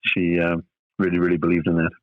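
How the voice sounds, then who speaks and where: Low-voiced middle-aged man, dull dry sound. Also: monotone, fast, no echo. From South Africa. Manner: thoughtful, rambling with many fillers. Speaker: tennis coach guest. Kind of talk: reflective podcast interview.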